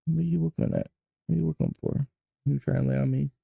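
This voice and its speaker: A woman talking baby talk to her pets, with high, loud cooing that often turns away from the mic. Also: fairly even intonation, fast, vocal fry, slightly rough, no echo, phone-quality sound.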